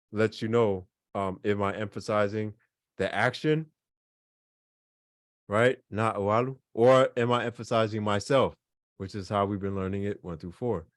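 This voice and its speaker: A man's voice: lowish voice, no echo, clean studio sound. A man teaching a beginners' language class, explaining casually with lots of fillers and repeated examples. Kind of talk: online class lesson.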